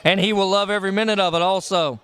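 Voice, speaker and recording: A man calling wrestling play-by-play, excitable as he names each move. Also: high-pitched, a little hiss or hum. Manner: excitable, calls moves rapidly.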